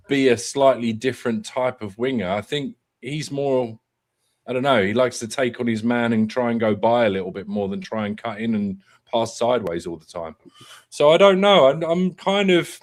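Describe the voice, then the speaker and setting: A man hosts a football fan show in a loose, chatty way. He fires off strings of questions and talks ideas through as they come to him. His pitch sits in the middle range. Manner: animated, thinks aloud in rapid questions. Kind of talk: casual football chat.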